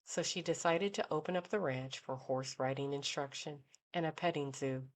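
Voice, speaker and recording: A low-pitched woman, working as an audiobook narrator, reads a novel aloud in a measured, even storytelling style. It's scripted narration.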